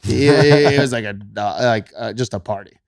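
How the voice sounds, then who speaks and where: A Texan-accented gym coach guests on a podcast, telling a story casually in a medium-pitched voice at a brisk pace. Laughter and swearing run throughout, and he quotes himself in animated voices, with studio-quality audio and no echo.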